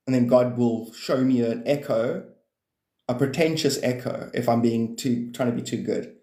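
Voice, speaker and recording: A man's voice: medium pitch, a little slow, dark tone. Guy rambling on a live stream about god stuff, swears, keeps laughing, echoey room. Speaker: livestreamer. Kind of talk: casual livestream chat on spirituality.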